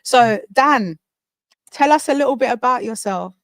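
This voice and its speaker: A woman's voice: a little high, lively intonation, moderate pace, dry recording. A woman hosting a casual interview, encouraging her guest. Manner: warm encouraging interviewer, lots of agreement. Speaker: host.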